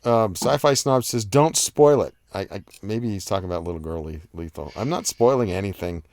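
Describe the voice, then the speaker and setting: A man's voice: fairly low pitch, moderate pace, darkish tone, dry recording. A man hosting a live stream, reading viewer comments aloud and chatting about them in a rambling way, with lots of fillers and restarts. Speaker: host reading live chat. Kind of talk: casual live-stream chat.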